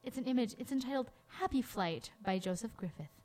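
A woman's voice: a little high, expressive, a little mellow. A young woman from Georgia co-hosting a college radio show in playful, joking chat. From Georgia, USA. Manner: playful, joking, drawn-out words.

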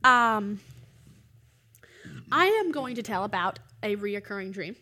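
A woman's voice: medium pitch, very animated, measured pace, bright, forceful tone, a little hiss or hum. A young woman casually telling a long dream story, rambling and full of filler words.

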